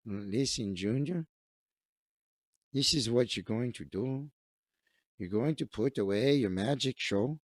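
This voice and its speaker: A man's voice: medium pitch, animated, a little slow, long pauses, no echo, pitched below the performer's own voice. A man putting on a pushy Mexican party host. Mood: coaxing. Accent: put-on Mexican Spanish accent. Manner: pushy, generous, broken English. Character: insistent, hospitable older Mexican party host, man in his fifties.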